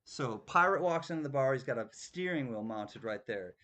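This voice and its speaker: A man's voice: mid-range voice, lively intonation, moderate pace, sharp tone. A man running a live-stream coin auction, chatty and thanking bidders by name.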